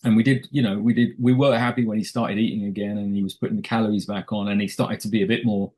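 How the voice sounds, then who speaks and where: A man's voice: fairly low pitch, fairly even intonation, fast, a little mellow, husky, low-quality recording. Rambling middle-aged male film director. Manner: rambling, many restarts and quoted asides. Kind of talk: casual interview chat.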